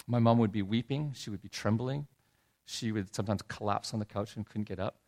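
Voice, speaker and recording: A middle-aged man telling a heartfelt personal story in a sermon, his voice dropping low and soft when he is moved. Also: fairly quick. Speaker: preacher. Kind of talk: sermon testimony.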